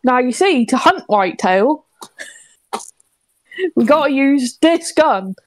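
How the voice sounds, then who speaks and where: A woman putting on a Somerset accent to play a folksy male hunting-show host, talking quickly. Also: sits high, animated. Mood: joking.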